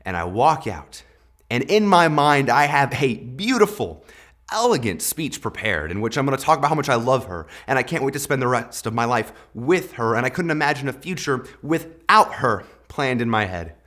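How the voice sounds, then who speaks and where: A young man hosting a devotional talk, telling a personal story in a conversational way with lively swings in loudness. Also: medium pitch, moderate pace. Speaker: devotional host.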